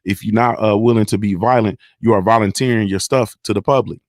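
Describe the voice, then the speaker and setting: Reading chat on a casual livestream, a young adult host talks fairly quickly in a steady, low-leaning voice over a dry recording. Emphatic and profane, he repeats his points and often asks "you understand."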